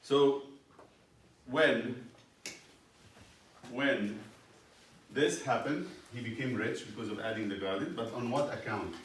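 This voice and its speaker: Animated man teaching in an echoey room. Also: mid-range voice, slow pace, long pauses. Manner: animated, checks with "yes?". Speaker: Bible study teacher. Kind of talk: storytelling lesson. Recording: echoey room, distant mic, faint noise.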